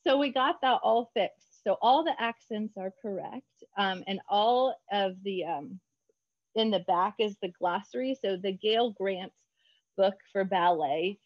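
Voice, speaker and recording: A woman author chatting in an interview, bubbly and quick, acting out her own remarks in lively voices. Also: fairly low pitch, no echo, lo-fi sound. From United States. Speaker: author guest. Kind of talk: casual interview chat.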